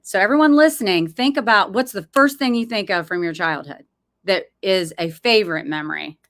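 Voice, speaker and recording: A woman hosting a casual interview, upbeat and quick to laugh. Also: mid-range voice, expressive, no room sound. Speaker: podcast host.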